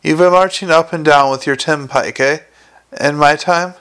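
A weary, stern commander of the city watch questions his corporal in a dry, clipped and cold way, voiced by a man reading aloud. His voice is gravelly but smooth, pitched a little high. The telling is a storybook reading. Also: fairly even intonation, normal speed, fairly bright tone.

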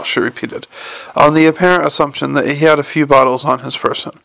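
A man narrating an audiobook in a measured, wry storytelling manner. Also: on the high side, creaky, a bit bright, no room sound. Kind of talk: scripted narration.

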